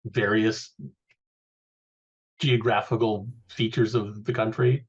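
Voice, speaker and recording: A man playing in a tabletop game, talking in a dry, deliberate way with pauses and fillers. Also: lowish voice, little pitch movement, breathy edge, dull audio. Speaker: player. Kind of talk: casual game chat.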